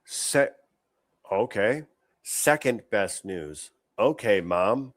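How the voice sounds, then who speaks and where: A man's voice: lowish voice, big pitch swings, takes it slowly, dry recording, studio quality. A man hosting a political commentary livestream, brash and mocking, swearing freely. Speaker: show host.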